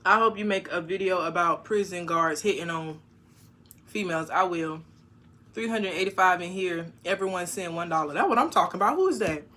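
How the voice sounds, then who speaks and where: Woman on a live stream reading chat comments out and answering them, bright sharp voice, talks frankly, gets loud now and then. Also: lowish voice, a little fast. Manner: reads viewer comments aloud and answers them; frank and talkative, with sudden loud bursts.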